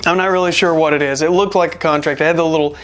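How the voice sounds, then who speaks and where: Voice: medium pitch, fairly even intonation, racing, fairly bright tone, soft background music. A wrestling show reviewer giving a casual, rambling spoken recap, full of wry, self-deprecating jokes and asides. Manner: rambling and chatty, with jokey asides.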